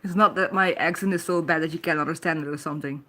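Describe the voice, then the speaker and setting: A woman's voice: low-pitched, fairly even intonation, fast, sharp tone. A woman with a Dutch accent, chatting casually on her live stream, reading comments aloud and laughing often. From Netherlands. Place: her home.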